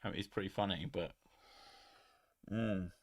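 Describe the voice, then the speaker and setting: A man's voice: low-pitched, normal speed. A man hosting his stream, chatting casually and rambling, swearing freely and laughing at himself. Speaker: streamer host. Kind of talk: casual chat reading viewer messages.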